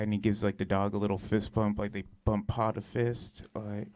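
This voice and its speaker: A man's voice: on the low side, level tone, normal speed, darkish tone, no echo. A young man doing a stand-up set, telling stories in a loose, profane, conversational way full of "like" and "dude". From Southern California. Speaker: stand-up comedian. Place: comedy club stage.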